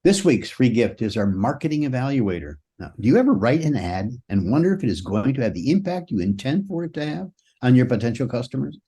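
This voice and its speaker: A man's voice: mid-range voice, very animated, fairly quick, dark tone, husky, no room sound. A man co-hosting a small business podcast, explaining a sales example in a casual way with small slips. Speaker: podcast co-host.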